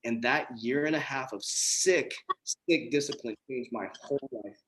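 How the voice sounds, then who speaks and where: A man in his forties speaks on a group video call as a motivational coach. His delivery is earnest and emphatic, and he often repeats his key points for effect. His voice sits at an ordinary middle pitch. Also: a little slow, a bit bright. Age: 40s. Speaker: coach and community host.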